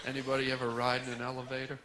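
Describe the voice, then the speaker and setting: A man's voice: mid-range voice, monotone, rapid-fire, very noisy. A man doing a rambling stand-up comedy set on a club stage, riffing into absurd nonsense wordplay.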